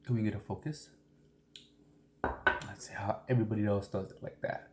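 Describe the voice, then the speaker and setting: A man's voice: lowish voice, background noise. A man chatting casually at home while eating a seafood meal on camera, talking with his mouth full and dropping Spanish exclamations between bites. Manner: slow and relaxed, mixing in Spanish exclamations. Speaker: food vlogger. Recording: roomy echo.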